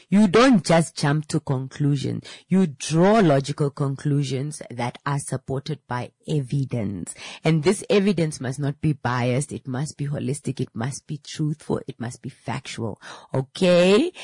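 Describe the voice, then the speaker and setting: Woman, 30s, low husky voice, dry close sound; animated teacher who acts out voices and drops slangy asides while teaching. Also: no echo. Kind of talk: casual lesson with anecdotes.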